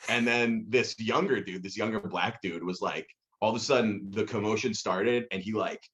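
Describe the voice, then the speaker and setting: Tief sprechender Mann, lebhafter Geschichtenerzähler. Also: male voice, moderate pace. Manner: animated storyteller, swears, acts out quotes in big pitch jumps. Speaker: podcast guest. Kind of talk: casual podcast chat.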